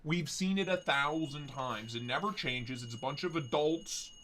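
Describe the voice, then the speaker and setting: A man's voice: a little high, normal speed, fairly bright tone, a little hiss or hum. Rambling, joking male stream host. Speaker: livestream host. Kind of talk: casual live-stream chat.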